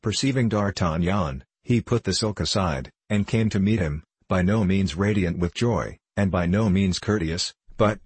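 A man narrating a classic novel as an audiobook in a measured, even reading. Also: low voice, slightly rough, dry recording.

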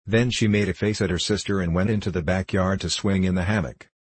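A man narrating a children's fantasy book aloud in a steady storytelling manner. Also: low-pitched, brisk, breathy edge, no room sound. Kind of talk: audiobook narration.

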